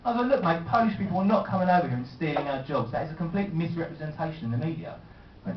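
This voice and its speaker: Guy in his 20s doing standup, lively up and down voice, echoey far off lo-fi recording. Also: on the high side, racing, hardly any pauses, slight background noise. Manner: deadpan storytelling with voiced impressions. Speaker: stand-up comedian. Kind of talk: stand-up comedy set. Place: comedy club stage. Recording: roomy lo-fi live recording from afar.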